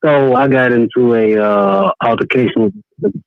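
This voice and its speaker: A man's voice: mid-range voice, fairly even intonation, moderate pace, no echo. A man from the American South with a Southern accent, a caller telling his police stories in a casual, profane way. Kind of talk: phone-in storytelling. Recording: dry tinny phone line.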